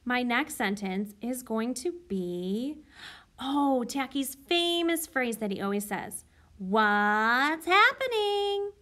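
Woman primary teacher, slightly high voice, slow careful enunciation, spells words out for young kids. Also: lively intonation. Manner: slow and deliberate, sounding out words letter by letter; encouraging, clearly enunciated teacher voice. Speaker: elementary school teacher. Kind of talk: recorded writing lesson for young children.

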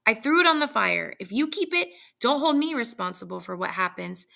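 A grave old soldier warns with slow, stubborn solemnity, as a woman reads him aloud. The voice is heavily gravelly yet bright and forceful. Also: a little high, big pitch swings, heavily acted.

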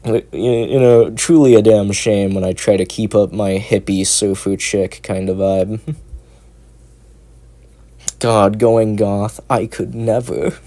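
A man's voice: lowish voice, steady tone, slow pace, dark tone. A young man chatting casually at home into a cheap microphone, rambling, swearing and making self-mocking jokes. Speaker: ASMR content creator.

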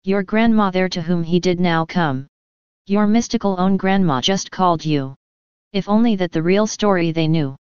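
A woman reading a gentle female angel's lines in rhyming verse, in an even storybook delivery. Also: on the low side, normal speed, smooth, no room sound, muffled recording, lightly acted. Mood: consoling. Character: gentle female angel comforting her husband.

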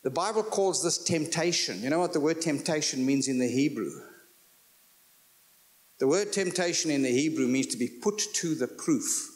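A man's voice: on the high side, expressive. A man preaching a sermon, teaching through scripture and checking in with his audience. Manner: slow, emphatic teaching, asks the audience questions.

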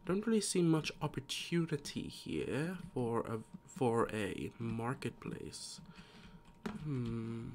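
Tired guy on a live game stream, slow and mumbly, just talking to himself while he plays. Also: medium pitch, expressive, a little hiss or hum. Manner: rambling, muttering to himself while playing. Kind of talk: casual gameplay live stream chatter.

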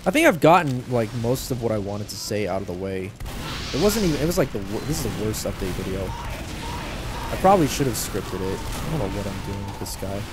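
A man's voice: fairly low pitch, big pitch swings, fairly quick, over loud music. A man giving casual gameplay commentary as a YouTuber, rambling in a joking, self-deprecating way. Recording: game gunfire and noise over the voice.

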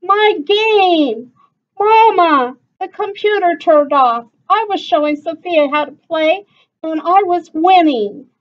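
A woman voicing an excited, whiny young girl in a storybook reading. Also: on the high side, very slow, highs cut off, voice pushed up, heavily acted. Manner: squealing, excitable.

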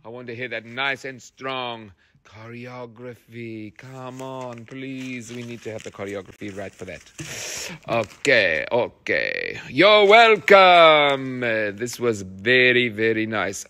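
A man's voice: mid-range voice, measured pace, bright, forceful tone. A theatre director, a man, reading rehearsal notes to his cast, encouraging and fond of repeating phrases.

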